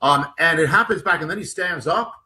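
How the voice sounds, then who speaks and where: Bright-voiced man with a rambling story. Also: fairly high pitch, brisk. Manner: rambling, with many restarts and repeated words. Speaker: author and interview guest. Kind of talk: telling a personal story in an interview.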